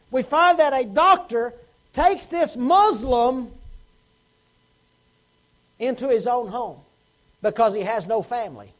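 High-voiced pastor preaching. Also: male voice, low-quality recording. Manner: preaching with rhetorical questions and acted quotes. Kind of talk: sermon. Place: church sanctuary.

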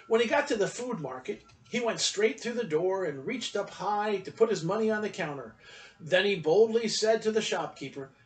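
Guy reading a kids story at church, expressive, high voice, mic kinda far. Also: moderate pace.

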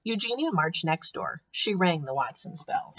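A woman teacher reading a storybook aloud to young children, with expressive, clear storytelling. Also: fairly low pitch, normal speed, a little hiss or hum.

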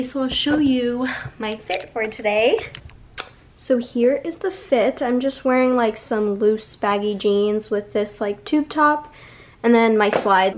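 A woman's voice: a little high, background noise. A young woman talking casually to the camera in a vlog, chatty with lots of filler words. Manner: chatty, filler-heavy "like" talk. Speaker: vlogger.

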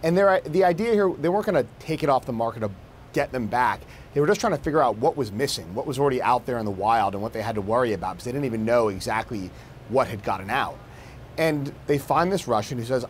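A man's voice: medium pitch, expressive, fast talker, a little hiss or hum. A man, a national security correspondent, explaining his reporting as a news interview guest, with fillers and restarts.

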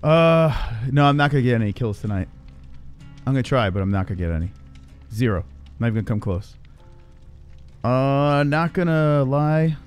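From a home room with a gaming computer, a man livestreams a horror game, giving commentary in a smooth, mid-range, animated voice at normal speed with long pauses, over soft background music. He curses often, startles easily, and mocks his own play.

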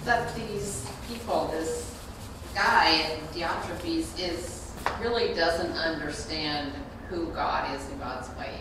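A woman in a study group making a hesitant, halting comment in the discussion. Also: low-pitched, crowd noise. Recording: echoey room, far from the mic, group around.

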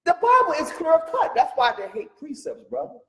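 High-pitched, animated man teaching. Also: a little fast, reverberant, low-quality recording. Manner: emphatic, preachy, rhetorical questions; calls the reader brother. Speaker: Bible teacher leading the study.

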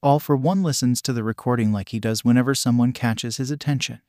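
A man narrating a fan fiction story reading in an even, steady manner. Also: mid-range voice, a little fast, no room sound, clean studio sound.

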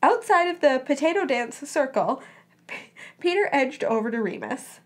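High-voiced woman reading a story out loud, animated, chats in between. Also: normal speed. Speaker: podcast host reading fan fiction aloud. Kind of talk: reading aloud with casual commentary.

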